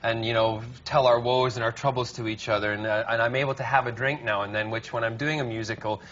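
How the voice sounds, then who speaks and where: A man's voice: medium pitch, fairly even intonation, fairly bright tone. A man from Scotland speaking with a mixed Scottish and American accent, a flirty, joking guest on a chat show. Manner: flirty, joking, quick to laugh. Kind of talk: casual chat show interview. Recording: dull lo-fi TV audio with faint noise.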